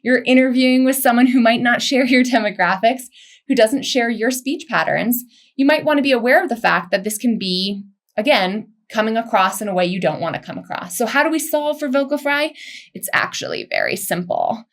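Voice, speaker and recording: A woman's voice: on the high side, fairly quick. Chatty woman coaching on careers. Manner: lively, chatty, laughs often. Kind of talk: webinar presentation.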